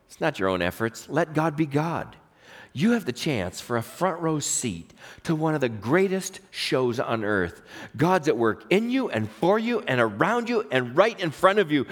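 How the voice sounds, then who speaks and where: A man preaching a sermon, swinging between emphatic, raised exhortation and quiet personal storytelling. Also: on the high side, very animated, normal speed. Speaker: pastor.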